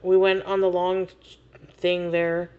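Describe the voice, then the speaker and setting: Slow-talking, laughing woman streamer. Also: fairly low pitch, completely flat delivery, phone-quality sound. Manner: laughs often, swears freely. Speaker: livestreamer. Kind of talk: casual chat to viewers.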